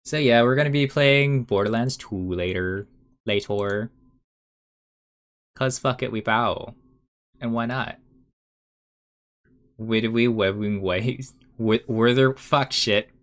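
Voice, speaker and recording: Young man, live streamer, casual chat while drawing, rambling, muttering to himself, self-mocking, middle-pitched voice. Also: slow, long pauses, fairly bright tone.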